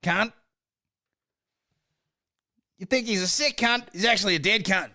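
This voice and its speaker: A man doing a loud, crude Australian TV narrator. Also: high-pitched, measured pace, pitched above the performer's own voice, heavily acted. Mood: jeering. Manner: loud, slangy, swearing constantly. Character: crude brash Australian male news narrator.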